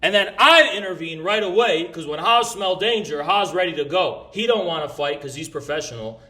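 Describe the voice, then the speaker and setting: A man's voice: sits high, lively intonation, normal speed, bright, forceful tone. A man telling a story in casual chat, brash and profane, rambling with restarts. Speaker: podcast guest recounting an event.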